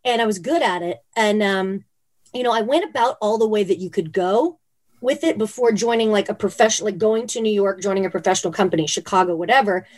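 A woman's voice: medium pitch, fairly quick. Chatty woman telling stories. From Phoenix, Arizona. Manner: chatty, many "like" and "you know" fillers, animated retellings. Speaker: guest. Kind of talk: casual interview storytelling.

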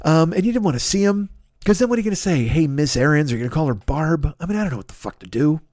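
A man's voice: a little high, animated, fast talker, darkish tone, no echo, studio quality. A man in his fifties ranting in a comedic podcast monologue, swearing a lot and jumping between stories. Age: 50s. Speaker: podcast host.

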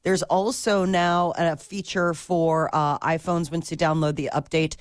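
A woman co-hosting a morning radio show, giggling often and reading quick news items in casual chat. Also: low voice, flat delivery, dry recording, studio quality. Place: radio studio.

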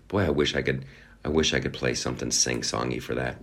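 A man's voice: very deep voice, steady tone, fairly quick, vocal fry, a bit bright. A man hosting a podcast, delivering a profane, sarcastic political rant and mocking other people in put-on voices. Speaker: podcast host. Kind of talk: ranting political commentary.

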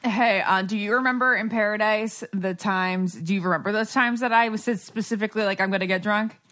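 A woman's voice: medium pitch, brisk, a bit bright. A woman co-hosting a podcast, chatting casually and rambling, with frequent laughs. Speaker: podcast co-host. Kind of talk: casual chat.

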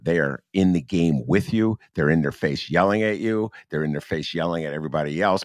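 A man's voice: deep voice, expressive, fairly quick, few pauses, no room sound, clean studio sound. A man hosting a political podcast, telling stories with lots of fillers and restarts. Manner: rambling storyteller, many fillers and restarts. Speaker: podcast host. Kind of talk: casual political chat.

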